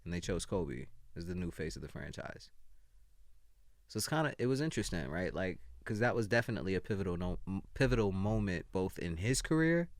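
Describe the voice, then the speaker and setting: Low voiced dude on a podcast, super lively storytelling, dry mic. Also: male voice, a little fast, no echo. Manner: animated storyteller. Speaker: podcast co-host. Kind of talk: casual chat.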